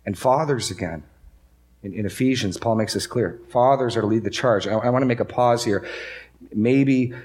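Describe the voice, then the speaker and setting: A man's voice: medium pitch, normal speed, darkish tone. Emphatic male pastor repeating key lines. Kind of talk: sermon. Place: church room with a congregation.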